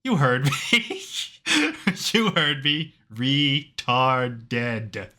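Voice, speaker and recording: A man's voice: mid-range voice, big pitch swings, extremely slow, pushed and bright, full character voice. A man voicing an abrasive, rude young male psychiatric patient who speaks bluntly and scornfully, for a visual novel.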